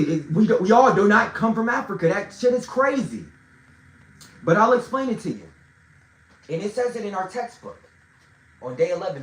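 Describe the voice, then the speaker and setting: Fiery preachy man, swings high and low. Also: reverberant, poor audio. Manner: emphatic, preachy, swears for emphasis; repeats and restarts phrases. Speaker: self-styled teacher. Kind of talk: impassioned lecture to camera.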